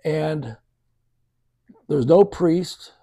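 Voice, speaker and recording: Gravelly, higher-voiced male storyteller. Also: drawn-out words, dry recording. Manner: lively storyteller who acts out quoted dialogue. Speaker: podcast guest. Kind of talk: conversational storytelling.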